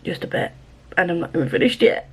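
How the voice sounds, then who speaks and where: A woman's voice: fairly low pitch, lively intonation, quick pace, darkish tone, breathy edge. A woman vlogging about a book she is reading, gushing and emotional, repeating herself and sometimes dropping to a whisper. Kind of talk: casual reading vlog.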